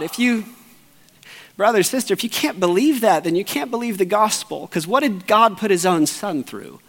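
A man with a notably high voice preaches to his congregation from the pulpit. His delivery is earnest, dropping to hushed quiet moments and climbing back to urgent emphasis. The sound rings with a long reverb from the church sanctuary. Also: lively intonation, normal speed, gravelly. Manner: earnest, swings from hushed and low to raised and urgent. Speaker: pastor. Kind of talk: sermon.

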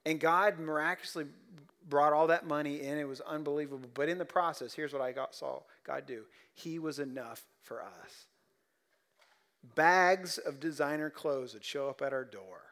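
A male pastor preaching a sermon, telling stories and swinging between quiet, soft moments and loud, emphatic ones. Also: on the high side.

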